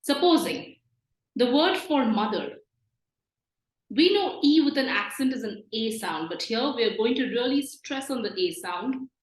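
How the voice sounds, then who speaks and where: Slow, patient woman teaching in an echoey room. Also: a little high, expressive. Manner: patient, repeats and spells out sounds. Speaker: French teacher. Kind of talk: slow explanatory lesson.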